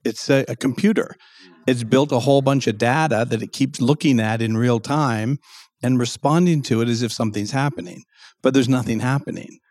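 A man's voice: mid-range voice, brisk, a little mellow, dry recording. A man, a guest expert in an interview, explaining at length and acting out quoted speech in a raised voice.

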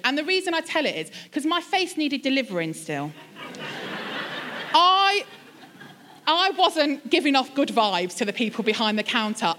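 A woman pastor in her younger years gives a conversational sermon. Her pitch sits a little high and swings widely as she moves between scripture and funny, self-deprecating stories. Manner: lively, chatty storytelling with self-deprecating humor.

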